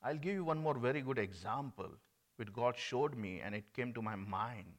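A man from India, preaching an earnest sermon that swings between emphatic and hushed. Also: mid-range voice, normal speed.

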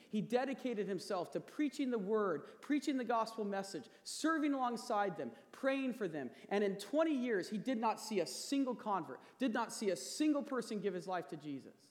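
A male pastor in his thirties preaching a sermon, earnest and building to emphatic peaks. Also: high voice. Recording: long hall reverb.

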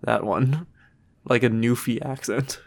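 Laid-back male co-host from Trinidad, easygoing chat, plenty of fillers, mid-pitched voice. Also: fairly even intonation, takes it slowly. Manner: laid-back, swears freely, many fillers. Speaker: podcast co-host. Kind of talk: casual chat.

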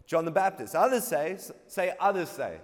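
Man, pastor, sermon, call-and-response, jokey, high voice, long reverb. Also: very animated, normal speed. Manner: playful, call-and-response with congregation, laughs at own jokes.

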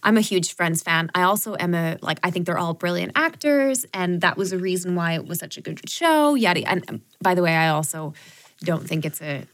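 A woman's voice: fairly low pitch, a little fast. A woman co-hosting a podcast, talking casually with lots of fillers. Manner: chatty, many fillers, lively. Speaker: podcast co-host. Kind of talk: casual chat.

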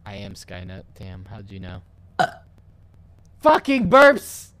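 A woman's voice: a bass voice, completely flat delivery, normal speed, no room sound. A woman hosting a podcast, chatting casually and teasing with lots of laughter over a voice call. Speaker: podcast host. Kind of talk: casual chat. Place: home, on a voice call.

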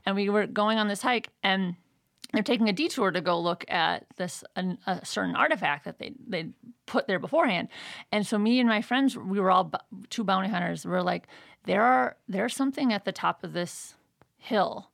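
A woman in easy, rambling conversation recounts a game outing. She fills her sentences with "like" and breaks into little voices for everyone she quotes. Her pitch sits mid-range and the recording is close and dry, with no room sound. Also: fairly quick, vocal fry, a bit bright, dry recording. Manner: chatty, filler-heavy with frequent "like", acts out quoted lines. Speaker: storyteller. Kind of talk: casual chat, retelling a live-action role-play outing.

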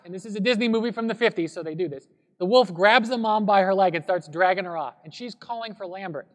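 A man preaching a sermon as a pastor, telling a story in a relaxed, conversational way. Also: high-pitched. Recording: long hall reverb.

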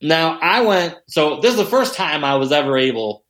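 A man in casual conversation, telling stories with lots of profanity. His pitch swings widely as he gets animated. The room around him has a noticeable echo. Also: moderate pace. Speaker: podcast guest. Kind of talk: casual storytelling chat. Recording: roomy echo.

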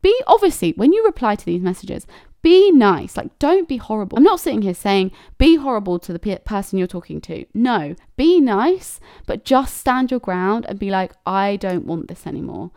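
A woman's voice: fairly high pitch, sing-song, moderate pace, a little mellow, no room sound, clean studio sound. A woman hosting a casual advice monologue, candid and blunt, swearing freely and acting out quoted messages. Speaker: podcast host.

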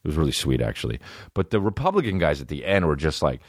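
A man hosting a solo comedy podcast, rambling and swearing as he riffs, bursting into quick mock voices. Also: very deep voice, sing-song, husky, no room sound, studio quality. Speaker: podcast host. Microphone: phone.

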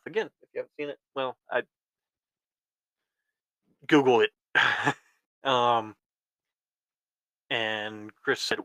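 A man's voice: medium pitch, animated, a little slow, pauses often, bright, forceful tone, no echo, low-quality recording. A man in his mid-twenties hosting a podcast, giving casual commentary in a rambling way with many restarts and filler words. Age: 20s. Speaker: podcast host.

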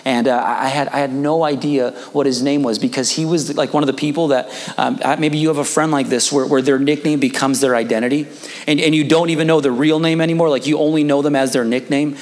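A man's voice: a little high, fairly even intonation, fast, darkish tone, big-room sound. A young man in his twenties, a pastor telling a personal story in a casual, rambling sermon with frequent restarts.

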